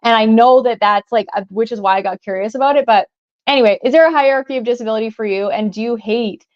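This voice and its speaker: Young woman co-host, casual chatty storyteller, slightly high voice, muffled recording. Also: quick pace. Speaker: podcast co-host. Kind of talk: casual chat.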